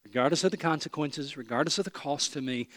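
A pastor, from East Tennessee, preaching a sermon with animated storytelling, self-deprecating humor and emphatic repetition. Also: male voice, on the high side, quick pace, dry recording, clean studio sound.

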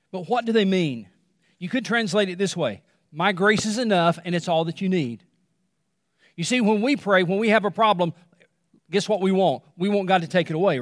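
Man, pastor, sermon, higher-pitched voice, long reverb, hushed dramatic drops, repetition. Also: studio quality. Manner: dramatic pauses, repetition, drops to a hush on key words.

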